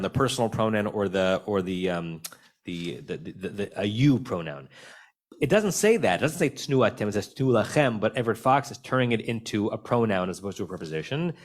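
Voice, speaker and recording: A man teaching a text-study class as rabbi, talking conversationally and telling stories with an animated, laughing delivery over a video call. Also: lowish voice. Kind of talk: lively text study discussion.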